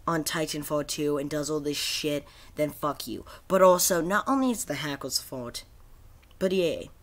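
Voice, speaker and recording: A man's voice: fairly high pitch, fairly bright tone. A man ranting in frustration about a video game, swearing constantly and rambling with many fillers and restarts. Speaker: gaming video creator. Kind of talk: angry gaming rant.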